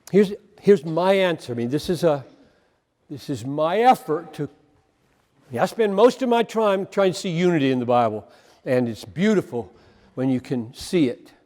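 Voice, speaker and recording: A male preacher giving an impassioned, emphatic sermon, swinging between loud emphasis and quiet asides. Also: high voice, big-room sound.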